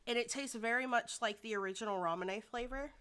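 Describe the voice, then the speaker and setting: A woman's voice: on the high side, brisk, pushed and bright, slight background noise. A young woman streaming a video game, chatting playfully in cutesy baby-talk slang. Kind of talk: casual game-stream chat.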